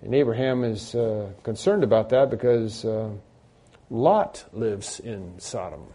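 A man's voice: on the low side, unhurried, warm tone. A man preaching a sermon, reading scripture passages aloud and stopping to comment on them. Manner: reads scripture aloud, then comments with fillers and restarts.

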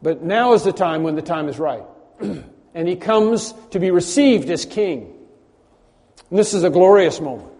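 A man preaching a conversational sermon, often clearing his throat and repeating words. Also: fairly high pitch, mellow. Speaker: pastor. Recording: long hall reverb.

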